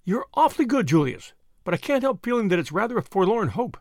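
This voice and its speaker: A man voicing a spirited, plucky young Englishwoman in an audiobook, eager and quick to object. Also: high voice, very animated, a little mellow, dry recording, clean studio sound, voice pushed up. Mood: earnest.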